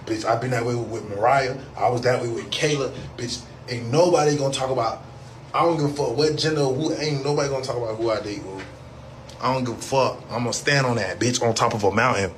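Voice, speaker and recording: A man's voice: medium pitch, quick pace, slight background noise. A man ranting into his phone with defiant, profane talk. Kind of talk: casual phone video rant.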